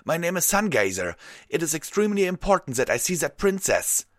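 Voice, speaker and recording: A breathless unicorn stallion, as a man puts him on, his voice pushed well above a low natural register and coming out loud and urgent. He pleads in a rush, panting between phrases, in a dry, close storybook reading. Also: very animated, a little fast, no room sound. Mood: desperate. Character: frantic young unicorn stallion, breathless, desperate.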